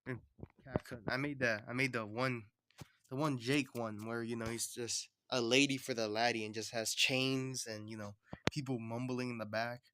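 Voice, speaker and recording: A man chats casually on a livestream while he draws. He rambles and talks to himself. His voice sits at an ordinary middle pitch. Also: fairly even intonation, normal speed, bright, forceful tone, slight background noise. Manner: rambling, chatty self-talk. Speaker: streamer.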